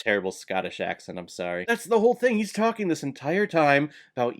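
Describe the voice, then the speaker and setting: A man talking through a film review in a casual vlog style, sarcastic and blunt. He sounds exasperated, with a voice at an ordinary middle pitch. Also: wildly swooping pitch, fairly quick. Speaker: movie reviewer.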